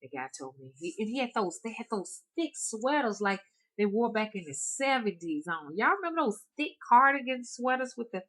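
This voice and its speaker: A woman spiritual reader softly and hesitantly telling her viewers a story, with frequent restarts. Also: on the high side, big pitch swings, moderate pace, poor audio. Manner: soft-spoken, hesitant, with restarts.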